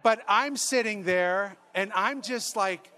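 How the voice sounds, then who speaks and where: A priest gives a storytelling sermon full of exuberant humor, laughing as he goes and acting out the voices of the people in his funny tales. His high voice is bright and forceful, he speaks slowly, and a faint crowd can be heard.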